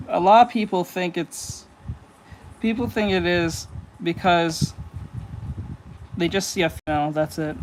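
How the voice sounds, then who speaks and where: A man streaming while he draws, thinking aloud in a rambling, casual way with many restarts. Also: a little high. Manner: gets emphatic when arguing a point. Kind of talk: casual commentary while drawing. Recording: noisy stream audio.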